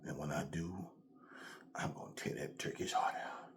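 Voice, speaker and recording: A man putting on a brooding male 1970s movie avenger who speaks in low, whispered menace. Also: steady tone, normal speed, creaky, slight background noise. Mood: menacing.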